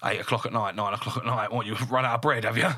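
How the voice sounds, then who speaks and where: Brief: builder in his thirties, blunt and animated, bright edge, dry close mic. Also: medium pitch, very fast, no echo. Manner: blunt, heavily swearing, animated storyteller. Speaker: guest, builder and business owner. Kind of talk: casual podcast storytelling.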